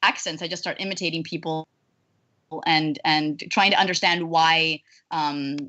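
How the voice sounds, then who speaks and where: Woman voice actress, chatty, lots of ums, lowish voice, kinda lo-fi sound. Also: moderate pace. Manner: animated, chatty, many fillers and restarts. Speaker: voice actress guest. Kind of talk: casual interview chat.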